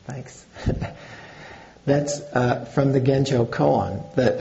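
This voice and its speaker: An older man giving a Zen dharma talk in a halting way, with many pauses and fillers. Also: medium pitch, creaky, dark tone, muffled recording. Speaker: Zen teacher.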